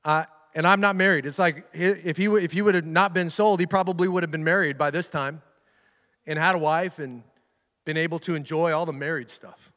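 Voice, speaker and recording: A man with a high, light voice preaching a sermon in a church sanctuary. He talks to the congregation in a loose, chatty way, restarting phrases and tossing questions out to the room. Long reverb trails after each phrase, the way it does in a big hall. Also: a little fast, fairly bright tone. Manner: conversational preaching with frequent restarts and asides to the congregation. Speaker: pastor.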